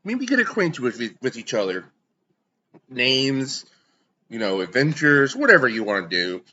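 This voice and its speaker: A man's voice: medium pitch, very animated, measured pace, sharp tone, dull audio, full character voice. A man voicing a friendly, motherly tiefling barmaid who fusses over her guests and calls them sugars in a tabletop game. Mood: chatty, fussing. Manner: says "sugars" and "y'all", chatty and fussing. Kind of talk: tabletop role-play character voice.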